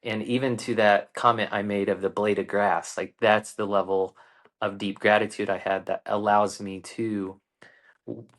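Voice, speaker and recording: A man in his forties speaks as a podcast guest, his voice sitting a little low. He tells a personal story in an earnest, unhurried way and often circles back with ums and restarts. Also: little pitch movement, a bit bright. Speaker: guest, coach. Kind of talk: reflective conversational storytelling.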